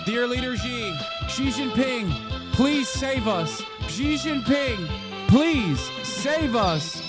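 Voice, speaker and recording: A man voicing a groveling male servant who begs his leader for rescue, in a pleading, drawn-out whine. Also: very high-pitched, expressive, over loud music, pitched above the performer's own voice, full character voice. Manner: pleading, whiny, slow and drawn out.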